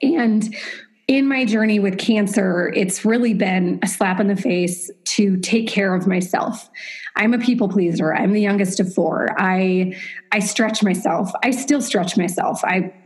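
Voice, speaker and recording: A woman's voice: mid-range voice, unhurried. A woman guest from the United States, telling her own story openly and earnestly, with ready laughter. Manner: earnest, opens up readily, frequent laughter. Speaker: author and interview guest. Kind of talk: candid personal storytelling.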